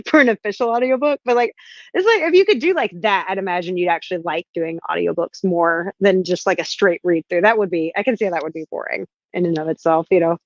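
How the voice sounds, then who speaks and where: A woman hosting a podcast interview, chatty and quick to laugh. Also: mid-range voice, no room sound, lo-fi sound. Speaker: podcast host. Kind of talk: casual interview chat.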